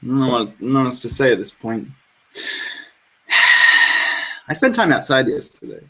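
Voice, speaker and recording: Animated joking man on a podcast. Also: mid-range voice, unhurried. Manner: joking, swears freely, trails off and restarts. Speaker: podcast co-host. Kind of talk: casual chat.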